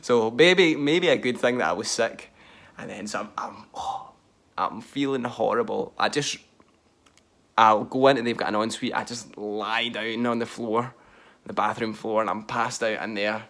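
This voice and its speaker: A man's voice: lowish voice, normal speed, fairly bright tone. A young man telling a self-mocking story in casual style, often laughing. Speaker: vlogger.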